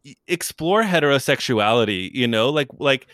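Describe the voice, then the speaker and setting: A young man chatting casually as a podcast guest, rambling with lots of fillers and quick impressions. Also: medium pitch, expressive, a bit bright, no room sound, clean studio sound. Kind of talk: casual chat.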